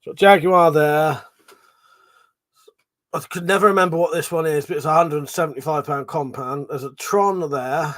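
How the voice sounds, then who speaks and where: A man's voice: on the high side, fairly quick, few pauses, fairly bright tone. A man hosting a casual livestream, rambling, swearing freely and reading viewers' chat aloud. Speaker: livestream host.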